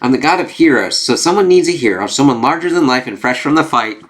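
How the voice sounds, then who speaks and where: A man voicing an earnest male demigod hero who answers a prayer, reading the lines aloud with a lifted, steady voice. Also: mid-range voice, fast, pitched above the performer's own voice, close to an everyday voice.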